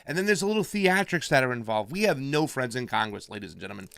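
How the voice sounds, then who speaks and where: A man's voice: mid-range voice, animated, fast, creaky, fairly bright tone, no echo, clean studio sound. A man co-hosting casual political commentary, loose and slangy, swearing and reading out viewer messages. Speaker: co-host.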